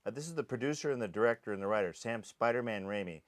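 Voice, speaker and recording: A man, an actor, recalling a film shoot in animated anecdotes, acting out the sounds and voices of the people he describes. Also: lowish voice, rapid-fire. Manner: lively storyteller who acts out sounds and voices.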